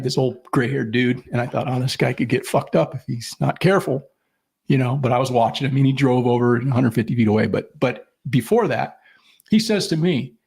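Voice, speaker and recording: Gravelly middle-aged man rambling profanely. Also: medium pitch. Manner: rambling storyteller, profane, acts out quoted people. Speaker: podcast co-host. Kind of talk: casual chat.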